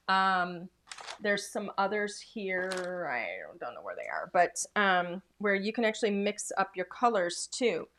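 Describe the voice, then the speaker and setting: A woman demonstrating craft products in a casual, chatty way, full of enthusiasm and filler words. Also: medium pitch.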